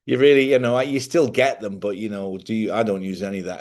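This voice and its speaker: A man with a fairly low voice hosts a casual live stream. He rambles along in a chatty way, often thinking out loud and wandering between thoughts. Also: steady tone, quick pace, hardly any pauses. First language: English.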